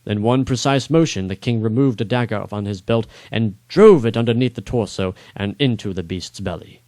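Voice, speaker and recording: A man reading his own first-person adventure story aloud in a dramatic, expressive way. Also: fairly low pitch, moderate pace, no echo. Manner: expressive, rising on action beats.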